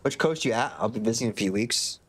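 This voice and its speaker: A man's voice: medium pitch, fast, a little hiss or hum. A young man from Florida chatting casually on a live stream into a desk mic, rambling and joking with occasional swearing. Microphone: desk microphone.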